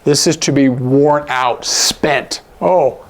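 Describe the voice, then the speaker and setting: A man teaching sign language in a casual, animated way, acting out example lines with big jumps in his voice. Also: mid-range voice, takes it slowly. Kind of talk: casual instructional talk.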